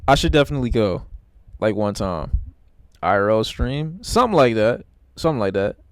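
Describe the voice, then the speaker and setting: A man's voice: lowish voice, sing-song, normal speed, smooth, no room sound. A man streaming live, reacting to videos with blunt, profane, rambling commentary in a casual way.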